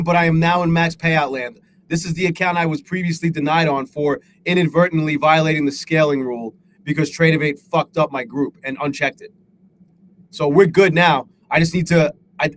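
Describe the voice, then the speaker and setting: On a live trading stream, a man with a fairly high voice rambles, swears, and is hard on himself, reading out chatters' names to greet them. There's a slight hiss or hum in the audio.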